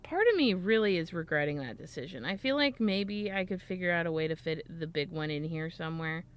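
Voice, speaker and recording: Smooth-voiced young woman, chatty and swearing. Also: lowish voice, expressive, fairly quick. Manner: rambling, swears freely, laughs often. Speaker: podcast co-host. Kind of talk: casual chat.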